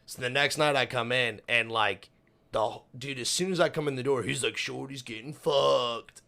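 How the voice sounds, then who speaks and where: A man's voice: medium pitch, moderate pace, sharp tone. A young man co-hosting a podcast, telling a long workplace story in casual chat, swearing constantly. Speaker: podcast co-host.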